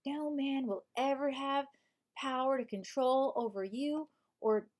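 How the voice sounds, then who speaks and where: A woman's voice: high-pitched, fairly even intonation, measured pace, darkish tone. A woman reading a self-help book aloud in a put-on American Southern accent, voicing an earnest advice-giving woman. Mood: preachy. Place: home live stream.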